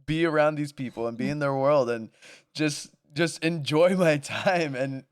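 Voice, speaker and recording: A man's voice: on the high side, unhurried, clean tone. A man co-hosting a podcast, chatting casually, laughing often and swearing while he jokes. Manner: laughs often, joking and profane. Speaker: podcast co-host. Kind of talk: casual chat.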